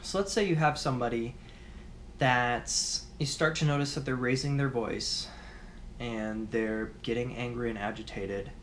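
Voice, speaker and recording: A man teaching a course in a conversational video lecture, often restarting sentences and pausing with fillers. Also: mid-range voice, a bit bright, slight background noise. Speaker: course instructor.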